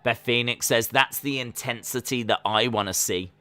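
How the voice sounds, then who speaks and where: Bright-voiced man calling wrestling live. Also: normal speed, clean tone. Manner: calls the action and answers chat questions between moves; breaks into high-pitched disbelief when excited. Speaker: live stream reaction host. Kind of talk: casual watch-along commentary.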